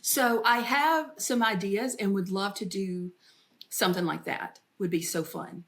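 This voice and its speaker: A woman's voice: medium pitch, measured pace. A woman comedian and author, telling stories in an interview and slipping into voices when she quotes family. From American South. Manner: storytelling, animated when quoting family. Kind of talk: interview conversation.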